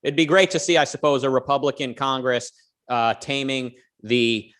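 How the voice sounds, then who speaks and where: A man's voice: mid-range voice, normal speed, a bit bright. A man co-hosting a casual livestream, talking loosely and joking, with plenty of fillers and restarts. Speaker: co-host.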